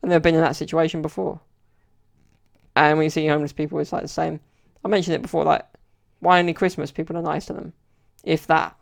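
A man rambles through a casual solo podcast story, leaning on lots of fillers. His voice has a gravelly fry, and his pitch stays flat and even. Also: fast talker. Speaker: podcast host.

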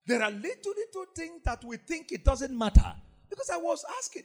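A man preaching a sermon as pastor, swinging from loud emphatic lines to low mocking asides. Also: very animated, moderate pace.

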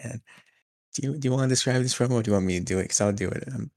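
A young man co-hosting a casual wrestling podcast, excitedly recapping matches and acting out what wrestlers said. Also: mid-range voice, racing, gravelly, dry recording. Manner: excitable recapper, acts out quotes. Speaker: podcast co-host.

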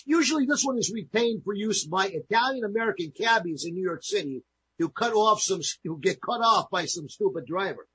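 A jovial man co-hosting a casual talk show, explaining phrases to his listeners. His voice sits fairly high for a man and has a husky edge. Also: expressive, a little fast, fairly bright tone, highs cut off. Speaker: co-host. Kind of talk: casual radio-style chat.

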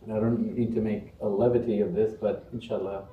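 Heard through a distant, muffled mic in an echoey mosque prayer hall, this man gives a Friday sermon. His voice is on the low side, brisk and fairly flat in pitch, and he speaks earnestly in rhythmic, building lists that grow in emphasis.

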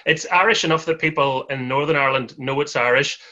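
A man's voice: medium pitch, fast talker, pushed and bright, highs cut off. A man hosting a podcast, asking questions in a friendly, casual way. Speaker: podcast host. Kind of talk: casual interview chat.

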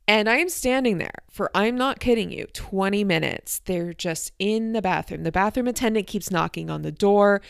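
A young woman hosting her podcast, telling a night-out story in a chatty, animated way and acting out what people said. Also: mid-range voice, vocal fry, clean tone, no echo, studio quality. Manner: animated, chatty, acts out quotes. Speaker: podcast host. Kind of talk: casual storytelling.

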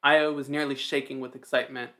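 A man narrating a fantasy story in a steady, even reading. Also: mid-range voice, quick pace.

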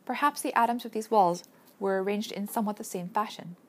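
A woman narrating a novel aloud as an audiobook, steady and measured in her storytelling. Her voice sits at a middling pitch and carries the scene calmly. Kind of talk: scripted narration.

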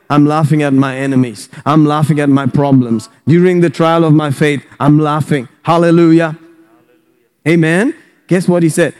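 A man preaching a sermon as pastor, exuberant, breaking into loud laughter and whoops. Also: fairly high pitch, measured pace, big-room sound.

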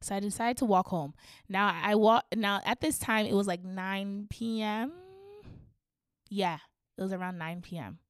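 A young woman hosting a podcast, telling a story casually and animatedly, dropping to a hush and rising to shrieks, laughing through it. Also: mid-range voice, moderate pace, clean tone, no room sound, clean studio sound. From Canada. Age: young adult. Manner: animated, swings from hushed to shrieking. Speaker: podcast host.

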